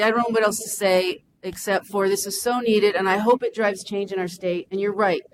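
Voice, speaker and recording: A woman's voice: mid-range voice, fairly even intonation, brisk, hardly any pauses, a little hiss or hum, low-quality recording. A woman in her forties, a school counselor, speaking passionately and emotionally at a public meeting. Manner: impassioned and emotional.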